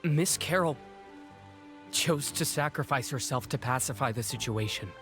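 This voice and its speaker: A man's voice: medium pitch, moderate pace, fairly bright tone, faint music behind, lightly acted. An actor playing a formal male investigator in a video game, delivering findings matter-of-factly.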